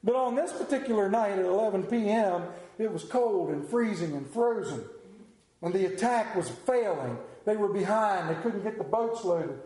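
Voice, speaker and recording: Animated high-voiced man preaching in an echoey hall. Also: normal speed. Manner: animated storyteller, acts out voices. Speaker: pastor. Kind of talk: sermon. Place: church hall with congregation. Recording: roomy echoing hall.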